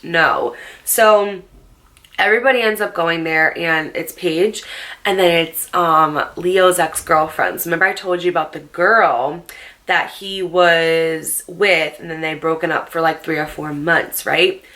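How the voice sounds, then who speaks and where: A woman in her late twenties telling a storytime vlog to camera, animated and sassy, swearing freely. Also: deep voice, unhurried. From New Jersey. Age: late 20s. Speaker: storytime vlogger.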